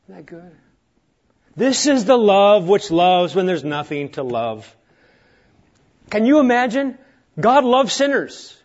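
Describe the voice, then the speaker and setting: A middle-aged man preaches a sermon from the pulpit. His voice sits a touch high and turns earnest and emphatic, then drops to a quiet, slow hush. The recording is dull and lo-fi. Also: very animated. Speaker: pastor.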